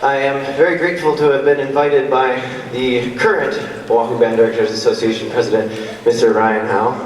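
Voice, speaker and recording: A man's voice: mid-range voice, steady tone, a little fast. A slightly winded man addresses a concert crowd as the conductor, chatty and full of small restarts. His voice is picked up from a distance in a big, echoey school gym with a long reverb tail. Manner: friendly, rambling, with fillers and restarts. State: a little out of breath. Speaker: band conductor. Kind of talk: spoken concert introduction. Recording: echoey gym heard from far off.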